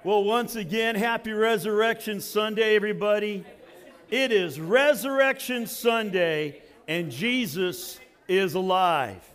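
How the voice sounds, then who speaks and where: High-voiced male pastor preaching. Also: a little slow, fairly bright tone, clear, resonant tone. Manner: rhetorical questions and dramatic emphasis. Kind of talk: sermon.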